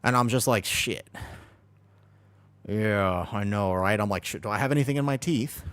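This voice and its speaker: A man's voice: on the low side, moderate pace, fairly bright tone, clean tone, no room sound. A man streaming from his bedroom, chatting casually with viewers and swearing freely. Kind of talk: casual chat to a live stream.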